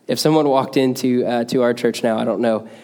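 A man's voice: mid-range voice, steady tone, a little fast, mellow. Man preaching with lots of "uh"s. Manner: conversational with frequent "uh" fillers. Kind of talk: sermon.

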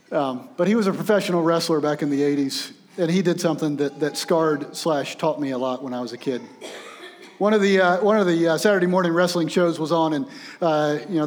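A male pastor preaches in a conversational, storytelling way, with a voice pitched somewhat high for a man. His talk is animated, and it carries through a church sanctuary with a long, lingering reverb. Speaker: senior pastor. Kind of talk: sermon. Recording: long reverb of a large hall.

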